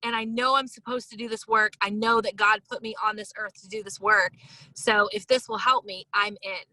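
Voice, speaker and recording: Bright, enthusiastic woman host. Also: mid-range voice, normal speed, no echo, poor audio. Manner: emotional, enthusiastic, expressive. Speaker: podcast host. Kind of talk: casual interview chat.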